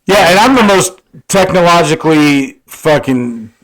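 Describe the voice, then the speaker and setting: A man's voice: a little high, lively intonation, a little slow, a bit bright, low-quality recording. A man in his forties co-hosting a podcast, rambling in casual chat with lots of fillers and swearing. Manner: rambling, profane, filler-heavy. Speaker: podcast co-host.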